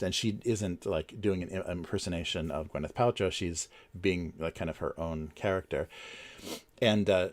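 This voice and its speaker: A man's voice: low voice, darkish tone. A man hosting a casual livestream, talking in a rambling way with many fillers and restarts. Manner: chuckles between points. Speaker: livestream host.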